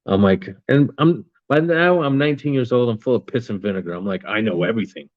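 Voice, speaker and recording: This guest is a veteran in his fifties sharing his story on a podcast in a casual interview, blunt and heavy on swearing and fillers. His mid-range voice moves at a quick pace. The recording is muffled, without echo.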